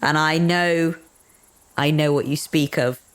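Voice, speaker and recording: A woman playing a tabletop game, gently describing her character's gestures and words. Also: low voice, fairly even intonation, a little slow. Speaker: player.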